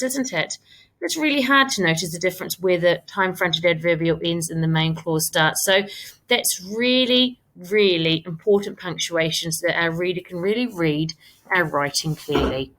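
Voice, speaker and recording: Encouraging woman teacher, lowish voice. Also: fairly bright tone. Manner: encouraging, stresses key words and repeats them. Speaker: primary school teacher. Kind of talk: recorded remote lesson for children.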